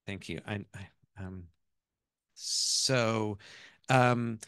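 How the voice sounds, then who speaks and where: A man, an author, talking about his book in a bookshop conversation, in an animated, chatty way with many restarts. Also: fairly low pitch, drawn-out words, no echo.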